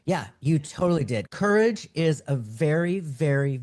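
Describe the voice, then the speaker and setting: Mellow-voiced man affirming his guest. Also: on the high side, lively intonation, measured pace. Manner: affirming, hesitant with "um" and "uh" fillers. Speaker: podcast host, medium. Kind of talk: interview chat. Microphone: video call.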